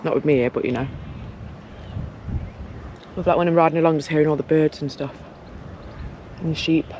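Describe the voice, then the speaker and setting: A woman's voice: low-pitched, steady tone, fairly quick, muffled recording. A woman chatting casually to camera on a long countryside bike ride, talking to the animals she passes and to herself. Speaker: cycling vlogger. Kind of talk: casual vlog chat. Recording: outdoor wind and road noise.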